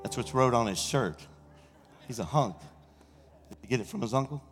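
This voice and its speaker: A middle-aged senior pastor, preaching an exuberant sermon and shouting praise in a church sanctuary. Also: male voice, mid-range voice, expressive, moderate pace, over music. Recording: reverberant church hall.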